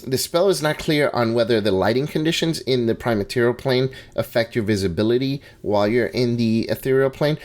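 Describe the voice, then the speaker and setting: A man casually talking through a tabletop game guide, conversational with frequent restarts and asides. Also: medium pitch. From Hispanic background. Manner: conversational, restarts and hedging asides, laughs at himself.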